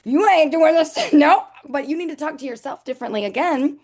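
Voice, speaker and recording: A woman's voice: sits high, a little fast. A young adult woman chatting casually in a webinar, telling stories animatedly and mimicking voices, heard over a video call. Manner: animated storyteller, mimics her mom.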